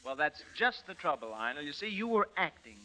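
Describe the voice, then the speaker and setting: A man's voice: on the high side, sing-song, fairly quick, pushed and bright, rough recording. A man hosting a 1940s radio comedy, playing a pompous actor with a mock Russian accent in a theatrical manner. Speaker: comedian host. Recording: old radio recording with music.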